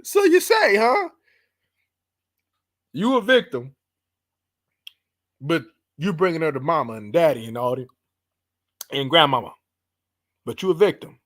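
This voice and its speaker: A man hosting a reaction video, mocking and profane, with loud exclamations. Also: fairly high pitch, expressive, moderate pace, pauses often. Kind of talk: reaction commentary.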